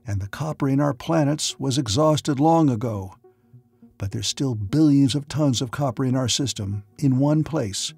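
A man narrator voicing a calm, firm young man who takes command, in an audiobook. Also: mid-range voice, moderate pace, vocal fry, breathy edge, soft background music.

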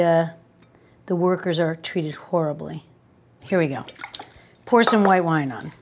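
A woman hosting a casual home cooking demonstration, chatty and wry, with joking asides and anecdotes while she works. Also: on the low side. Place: home kitchen.

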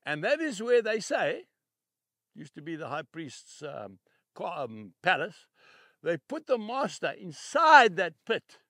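An older man preaching a televised sermon, emphatic and repeating key phrases, swinging between soft and loud. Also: high-pitched, very animated, slow, dry recording, studio quality.

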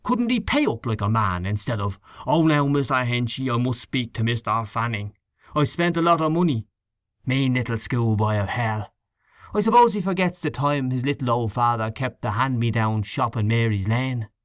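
A man's voice: medium pitch, lively intonation, moderate pace, no echo, clean studio sound, lightly acted. A man reading an audiobook, voicing a grumbling, gossipy male election canvasser with a scornful manner. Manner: scornful, complaining.

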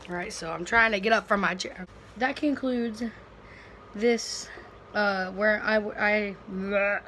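A woman's voice: medium pitch, a bit bright, a little hiss or hum, poor audio. A young woman, rambling casually to camera in a home vlog, full of fillers and restarts. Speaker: vlogger. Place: at home, indoors.

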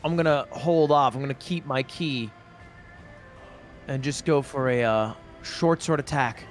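A man's voice: mid-range voice, unhurried, faint music behind. A man playing a tabletop game, casually thinking aloud while he plans his moves. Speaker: player. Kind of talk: tabletop game play over a call.

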